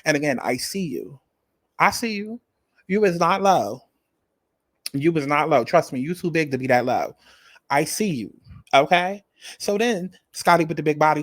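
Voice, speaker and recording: A man's voice: fairly high pitch, expressive, moderate pace, no echo. A man giving casual, sassy commentary on a reality show, dramatic and profane, addressing the viewer directly.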